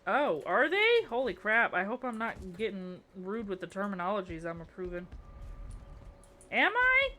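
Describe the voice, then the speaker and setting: A woman streamer chats casually with her viewers and mutters to herself while building in a game, playful and rambling. Her voice is medium-pitched, bright, and forceful, with lively intonation at a normal speed and hardly any pauses.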